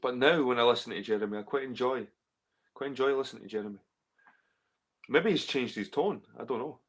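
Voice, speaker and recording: Scottish guy rambling on a stream, swears a lot, repeats himself, average pitch. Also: fairly quick. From Scotland. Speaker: livestream host reading chat. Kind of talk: casual livestream chat.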